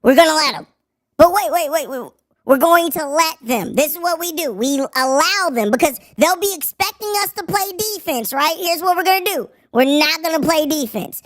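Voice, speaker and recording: A man voicing a scheming male basketball coach through a pitched-up voice changer, rambling through a game plan. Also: animated, moderate pace, fairly bright tone, no room sound, studio quality. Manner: rambling, self-assured game-plan talk.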